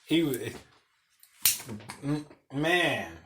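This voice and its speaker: A man's voice: a little high, expressive, very slow, slight background noise. A young man, a podcast host, telling a loose, profane story in casual chat and laughing as he goes. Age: young adult.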